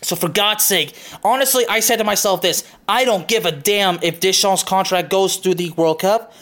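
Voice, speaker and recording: A man's voice: high-pitched, moderate pace, fairly bright tone. A young man hosting his own soccer show, delivering an impassioned opinion monologue, emphatic and repetitive, stopping for "okay?" and swearing.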